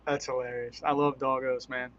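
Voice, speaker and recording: A man doing casual, excitable play-by-play commentary on a live stream, chatty and quick to laugh. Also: mid-range voice, lo-fi sound, background noise.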